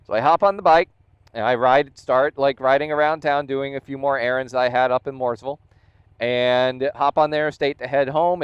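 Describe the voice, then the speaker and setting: A man's voice: medium pitch, clear, resonant tone, dry recording, highs cut off. A man vlogging about his motorcycle, retelling events with exasperation and quoted dialogue. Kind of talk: casual storytelling vlog.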